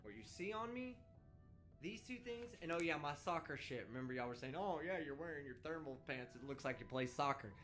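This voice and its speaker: A brash man hosts his live stream and swears freely in a casual, animated rant. His voice sits high and swings widely from line to line. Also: a little fast, faint music behind. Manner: brash, vulgar, animated ranting. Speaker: livestream host. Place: indoors, traveling.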